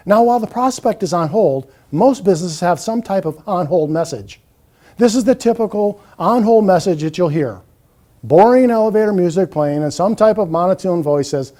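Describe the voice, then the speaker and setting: A man presents a scripted marketing lesson, emphatic and a little mocking. His voice sits high and moves a lot. The tone stays mellow. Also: expressive, normal speed.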